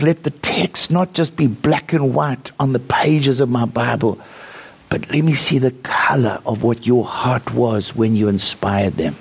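Gravelly preacher. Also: male voice, medium pitch. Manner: storytelling, prays aloud with rising fervor. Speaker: visiting preacher. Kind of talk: sermon.

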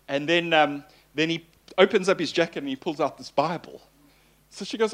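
A man preaching as a pastor in a relaxed, conversational way, with a voice that sits a little high. He tells personal stories with self-deprecating humor and fills his pauses with plenty of ums and uhs. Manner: chatty and self-deprecating, with frequent fillers.

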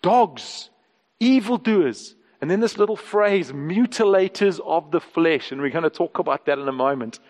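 A man preaching a sermon as pastor, emphatic and repeating words, rising in pitch for stress. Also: animated, moderate pace, darkish tone, in a large hall.

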